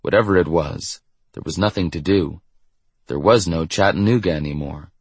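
A man narrating a novel in a measured, steady reading. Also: low-pitched, husky, dry recording. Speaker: audiobook narrator. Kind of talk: scripted narration.

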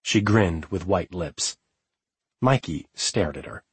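A man giving a calm, measured audiobook narration of a novel. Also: sits low, breathy edge, no room sound.

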